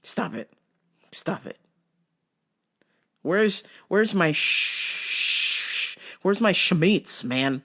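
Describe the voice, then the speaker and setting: A woman tells a comedic story in a rant, her pitch bouncing high and low as she goes. She swears freely and keeps dropping into mimicked voices. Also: drawn-out words, pauses often. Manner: animated, profane, slips into mimicked voices. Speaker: vlog host.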